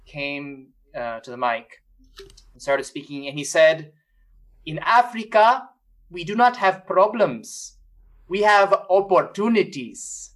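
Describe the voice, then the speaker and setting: This is a man co-hosting a casual podcast. He tells stories in a relaxed, rambling way, filling pauses with ums and likes, at a middle pitch. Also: poor audio. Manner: relaxed storyteller with fillers. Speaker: podcast co-host. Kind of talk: casual chat.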